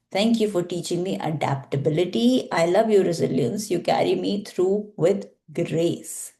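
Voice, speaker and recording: Brief: woman healer guiding a practice, low and mellow, slow deliberate affirmations.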